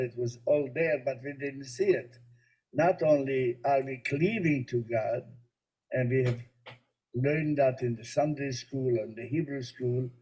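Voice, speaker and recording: A man with a mellow, dark voice teaches as a rabbi. He explains ideas patiently and tells little stories with gentle humor. His talk has the easy rhythm of a spiritual lesson. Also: mid-range voice, rough recording.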